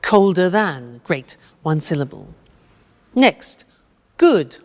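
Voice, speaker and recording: A woman teaching English at a deliberately unhurried pace, spelling out each form clearly and patiently. Her voice sits a little low and carries a long reverb tail. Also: big pitch swings. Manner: patient, over-enunciated, prompting. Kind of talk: slow, drilled language lesson.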